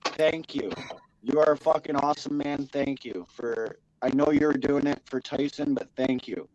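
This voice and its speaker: A man's voice: fairly high pitch, moderate pace, a little mellow, muffled recording, slight background noise. A man on an online panel speaking earnestly and emphatically, swearing freely. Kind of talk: casual online panel chat.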